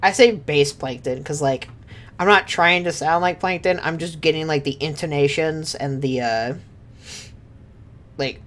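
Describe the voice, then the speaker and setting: A woman's voice: low-pitched, unhurried, fairly bright tone. A young woman streaming a game, giggly and rambling, who swears casually as she comments.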